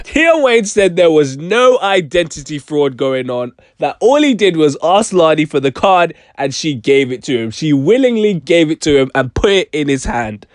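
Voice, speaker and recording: A man hosting a commentary vlog, joking and animated as he retells online drama. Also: a little high, takes it slowly, no echo. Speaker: vlog host.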